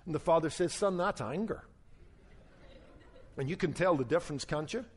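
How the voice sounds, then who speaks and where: A man with a notably high voice preaches a radio sermon as a Bible teacher. He tells his points through stories and voices the people in them. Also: rapid-fire, husky. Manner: storytelling preacher, acts out dialogue in his story.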